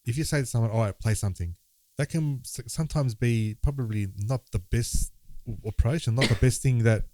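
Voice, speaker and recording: A man co-hosting a music podcast, talking in a halting, thoughtful way with many restarts. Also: medium pitch, noisy background. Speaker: podcast co-host, guitarist. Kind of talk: casual conversation about music.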